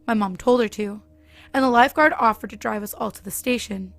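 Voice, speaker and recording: A woman narrating a scripted horror story in a steady reading manner. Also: on the high side, fairly quick, gravelly, no room sound.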